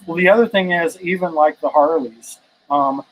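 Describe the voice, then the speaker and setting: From a home garage, a man co-hosts a casual live stream, reading viewer comments aloud and making easygoing jokes. His voice is a little high at normal speed, and the recording quality is low.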